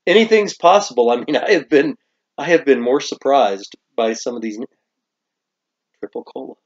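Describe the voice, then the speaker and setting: Southern male co-host, theatrical, jokey, mid-pitched, dull lo-fi recording. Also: normal speed. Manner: playful and theatrical, breaks into exaggerated exclamations. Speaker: co-host of a snack review show. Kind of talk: casual chat.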